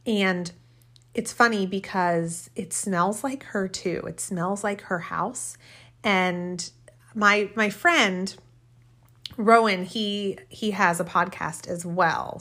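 A woman's voice: fairly low pitch, fairly bright tone. A woman hosting a podcast, telling a personal story in a heartfelt, rambling way and often laughing as she talks. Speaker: podcast host. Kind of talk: casual personal storytelling monologue.

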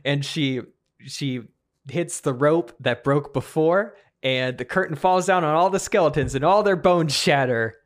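A man's voice: fairly high pitch, measured pace. A man hosting a podcast, animatedly improvising a comedic story with giggles and restarts. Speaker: podcast host.

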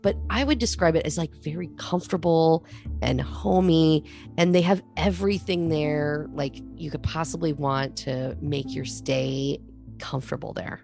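A woman co-hosting a podcast in casual chat, telling stories with lively acted-out quotes. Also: deep voice, moderate pace, gravelly, faint music behind. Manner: animated storyteller, acts out quotes. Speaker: podcast co-host.

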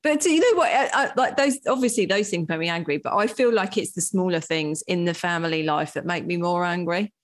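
A young woman co-hosts a casual podcast chat. Her voice sits fairly low for a woman. She vents heatedly and swears as she talks. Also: a little fast, few pauses. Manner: heated, swearing, laughs while venting. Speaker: podcast co-host.

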